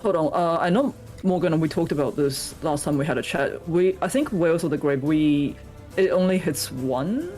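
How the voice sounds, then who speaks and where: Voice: medium pitch, expressive, moderate pace, darkish tone, faint music behind. Patient game master checking the rules. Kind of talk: running a tabletop game.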